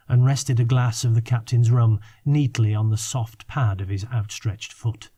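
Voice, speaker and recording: A man narrating a fiction audiobook in measured, unhurried reading. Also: mid-range voice, dark tone, slightly rough. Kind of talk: scripted narration.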